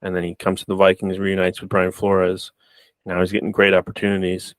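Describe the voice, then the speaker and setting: A man's voice: low-pitched, completely flat delivery, brisk, no echo. A man co-hosting a casual sports podcast, loose and joking, talking with plenty of fillers. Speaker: podcast co-host.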